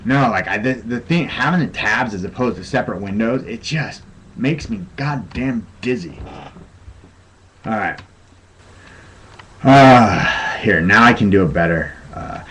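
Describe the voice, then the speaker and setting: A man's voice: fairly low pitch, animated, measured pace, pauses often, noisy background. A man hosting a casual live stream, joking and talking to himself.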